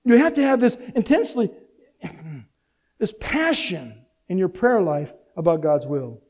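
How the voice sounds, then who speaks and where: High-voiced animated male preacher. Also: a little slow. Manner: animated preaching with rhetorical questions and humor. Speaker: pastor. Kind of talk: sermon.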